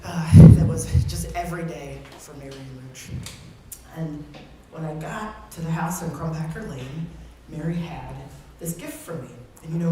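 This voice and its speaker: At a memorial gathering in a large room, a man gives a eulogy, telling a funny story in a chatty way and laughing along. His voice is fairly high and mellow. The room is very echoey, the mic far away, and the noise heavy.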